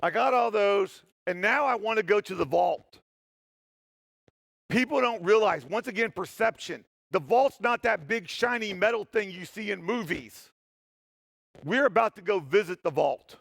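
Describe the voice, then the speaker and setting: Man, conference talk on stage, animated storytelling, self-deprecating jokes, gravelly, dry close sound. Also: high-pitched, a little slow, no echo. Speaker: security tester giving a talk. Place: stage in a hall.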